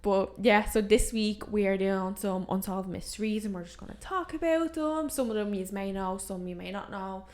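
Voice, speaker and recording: Young female podcast co-host, mid-pitched, chatty and giggly. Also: moderate pace, hardly any pauses, darkish tone. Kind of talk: casual chat.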